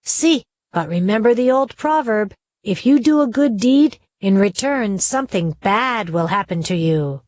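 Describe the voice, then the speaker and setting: A woman's voice: mid-range voice, expressive, measured pace, few pauses, darkish tone, dry recording, natural voice. A woman voicing a sly, hungry female snake who threatens to eat a farmer, read in a storybook play. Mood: menacing. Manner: menacing threats.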